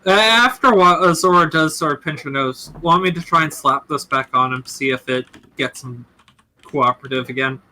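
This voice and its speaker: A man playing in a tabletop game, talking loosely about what his character does. His voice is bright and forceful. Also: fairly high pitch, a little fast. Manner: casual, loose. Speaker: player. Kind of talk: casual tabletop play.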